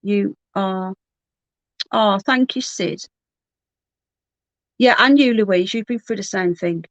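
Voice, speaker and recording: A woman's voice: mid-range voice, slow, no echo, lo-fi sound. Chatty woman on a dry mic. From Birmingham, England. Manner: candid, chatty, restarts often. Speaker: livestream host. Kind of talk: casual livestream chat, reading comments.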